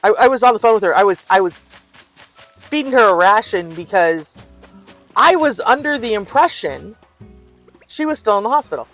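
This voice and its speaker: A woman's voice: medium pitch, lively intonation, normal speed, pauses often, a bit bright, faint music behind. An older woman streaming a life-sim game, chatting casually and telling stories with frequent laughs. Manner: chatty storyteller, laughs often. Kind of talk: casual gameplay chat.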